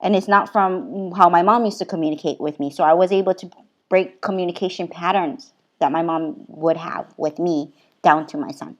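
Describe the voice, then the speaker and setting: Earnest middle-aged woman from Hawaii, low-pitched. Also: moderate pace, highs cut off. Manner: earnest, laughs often, loose run-on phrasing. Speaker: spiritual healer guest. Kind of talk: casual conversational storytelling.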